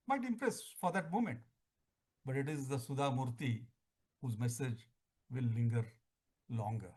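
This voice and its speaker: A middle-aged man, giving an oratorical talk on contest speaking with emphatic phrasing and deliberate pauses. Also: fairly high pitch. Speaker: public speaking trainer.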